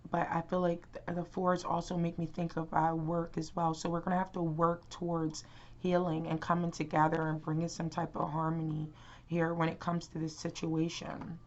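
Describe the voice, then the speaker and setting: Low-voiced woman giving a rambling tarot reading. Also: completely flat delivery, normal speed, dull audio. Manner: rambling, many fillers and restarts. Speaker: tarot reader. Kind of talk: casual tarot reading to camera.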